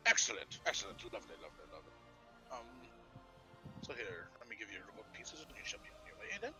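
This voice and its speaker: A man's voice: lowish voice, wildly swooping pitch, quick pace, music in the background, low-quality recording. A man voicing a pompous, boastful male wizard author with a grandiose, self-admiring manner. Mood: genial.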